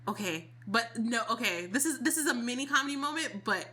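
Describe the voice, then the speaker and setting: Bright-voiced woman podcast co-host. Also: a little high, a little fast. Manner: animated storytelling, laughs often, acts out quotes. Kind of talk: casual chat.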